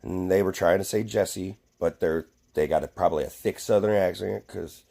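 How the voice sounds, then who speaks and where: A man's voice: low-pitched, normal speed, creaky, dark tone. A man vlogging a casual, rambling rant to camera, swearing freely and full of fillers and restarts.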